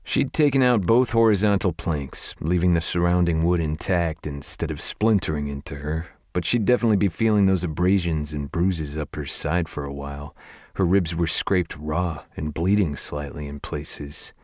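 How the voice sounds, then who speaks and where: A man's voice: sits low, normal speed, a little mellow, no echo, clean studio sound. A male narrator reading a first-person romance audiobook with a wry, confiding inner-monologue manner.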